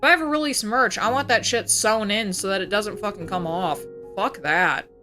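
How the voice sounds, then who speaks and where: A woman's voice: medium pitch, normal speed, over music. A young woman streaming as a VTuber, ranting in a casual, profane, heated way and slipping into mocking voices. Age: young adult. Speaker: VTuber livestreamer. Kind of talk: casual ranting livestream chat.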